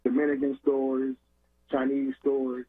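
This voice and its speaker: A man's voice: medium pitch, completely flat delivery, a little slow. A man calling in to a radio show, earnest, laying out long everyday scenarios. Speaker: caller. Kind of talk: call-in radio. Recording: phone-line call-in.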